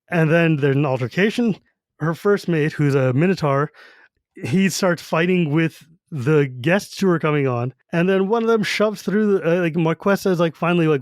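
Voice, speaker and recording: A man's voice: on the high side, unhurried, a little mellow, no room sound, studio quality. A man co-hosting a podcast, chatting casually about a book and acting out its characters as he retells it. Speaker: podcast co-host.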